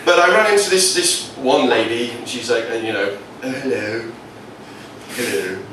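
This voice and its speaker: A man's voice: mid-range voice, very animated, fairly quick, distant mic. A man doing stand-up comedy, rambling into absurd stories. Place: comedy venue. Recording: echoey venue from afar, noisy.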